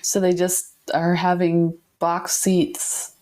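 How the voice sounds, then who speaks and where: A woman co-hosting a podcast in casual chat, excitable and quick to laugh. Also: on the low side. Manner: excitable, gasps and laughs often. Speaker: podcast co-host.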